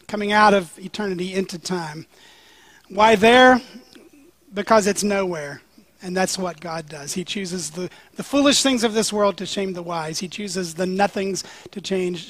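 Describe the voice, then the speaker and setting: A man's voice: sits high, normal speed, fairly bright tone, no room sound. A male pastor preaching a sermon in a conversational, joking way, with frequent "um"s.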